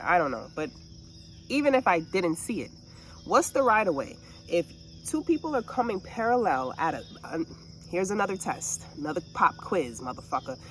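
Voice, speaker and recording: A woman venting in a casual monologue, telling a story with lots of swearing and animated asides. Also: lowish voice, a little hiss or hum. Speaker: vlogger.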